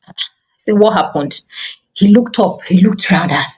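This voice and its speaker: A woman's voice: mid-range voice, normal speed, low-quality recording. A middle-aged woman, a teacher and school owner telling a personal story to camera and often saying "you know". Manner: animated storyteller, frequent "you know" fillers. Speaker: teacher and school owner giving parenting advice.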